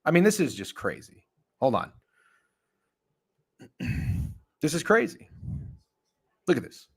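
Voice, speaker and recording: A man's voice: fairly high pitch, slow pace, creaky, husky. A man hosting a casual sports betting talk show, ranting and swearing. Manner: profane, ranting, animated. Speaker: podcast host.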